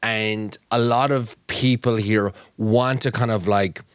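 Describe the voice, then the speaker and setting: An Irish man hosting a podcast, telling animated stories in casual chat and swearing freely. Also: on the low side, slow pace, clean tone, no echo, studio quality. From Ireland. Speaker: podcast host.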